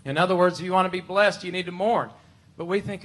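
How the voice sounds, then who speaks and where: A worship pastor preaching a conversational, emphatic sermon full of rhetorical questions. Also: male voice, high-pitched, lively intonation, a little fast. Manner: emphatic, shifts to loud pleading when voicing Martha.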